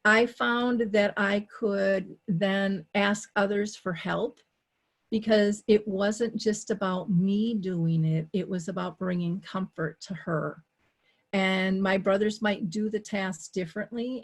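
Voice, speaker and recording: A woman, a dementia care advocate, telling a story as a guest in a conversational interview. She acts out her own quoted thoughts and moves between quick asides and slow, deliberate points. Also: medium pitch, vocal fry. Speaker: dementia care advocate and talk show host, here as a guest.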